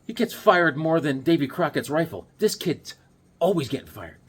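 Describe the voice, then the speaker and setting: Goofy husky-voiced man vlogging. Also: a little high. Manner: goofy, joking, animated, acts out quick bits. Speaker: comic collector vlogger. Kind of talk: rambling casual vlog with jokes.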